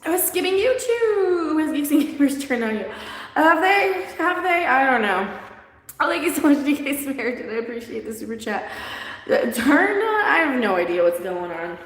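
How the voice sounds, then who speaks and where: A woman's voice: sits high, big pitch swings, normal speed. A woman hosting a casual livestream, rambling and blunt as she chats and answers viewers, laughing often. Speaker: livestream host. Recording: very echoey room with long reverb.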